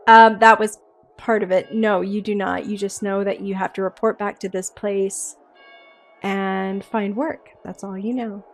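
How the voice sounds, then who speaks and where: A woman running a tabletop game as game master, relaxed and quick to laugh. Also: mid-range voice, soft background music.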